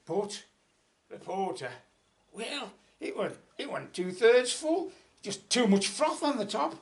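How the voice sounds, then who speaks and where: A man's voice: high-pitched, slow, creaky. A man telling a folk tale aloud at a folk club, in a chatty manner with asides. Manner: chatty, lively storytelling with asides.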